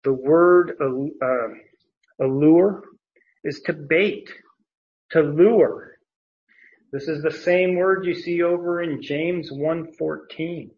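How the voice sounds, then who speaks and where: Slow, deliberate male Bible teacher. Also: a little high, dull audio. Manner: slow and deliberate, with frequent fillers and restarts.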